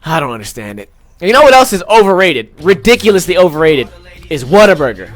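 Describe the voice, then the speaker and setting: A man's voice: fairly high pitch, big pitch swings, fast talker, soft background music. A young man hosting a podcast, ranting comically about food in a profane, exaggerated way, with lots of fillers. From Las Vegas. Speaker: podcast host. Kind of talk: casual comedic rant.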